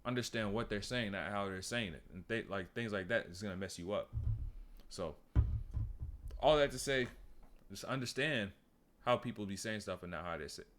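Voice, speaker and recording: A fairly low-pitched man with talks loosely over a clip on his stream. His delivery is relaxed and rambling, and he often stops to talk to his chat. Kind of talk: casual stream commentary.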